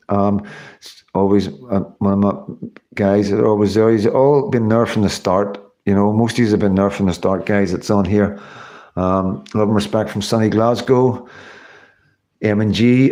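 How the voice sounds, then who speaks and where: Casting: male streamer, lowish voice, worn out, chatty, thanks everyone by name. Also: a little mellow. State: tired. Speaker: livestream host. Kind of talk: casual livestream sign-off.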